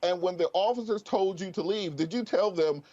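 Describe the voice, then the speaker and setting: Man, high voice, panel talk, punchy mock questioning, dull audio. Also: moderate pace, mellow. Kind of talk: animated panel discussion.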